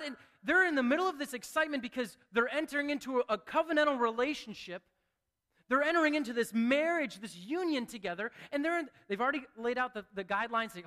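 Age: adult. Sex: male. Role: preacher. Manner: conversational, bright voice. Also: extremely high pitch. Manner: conversational, full of restarts and asides. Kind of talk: sermon. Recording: long hall reverb.

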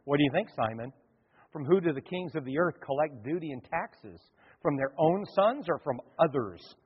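A male pastor delivering an animated sermon, acting out the voices of the people in his stories. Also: a little high, moderate pace, husky. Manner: animated preaching, acts out quoted voices. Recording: dull sound, long hall reverb.

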